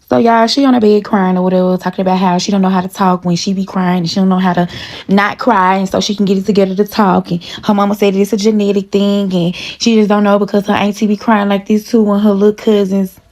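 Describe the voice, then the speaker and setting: Fast-talking blunt storytime woman. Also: mid-range voice, level tone, a little mellow. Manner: blunt, profane and heated, talks straight to viewers. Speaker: storytime vlogger. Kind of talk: casual storytime chat to viewers.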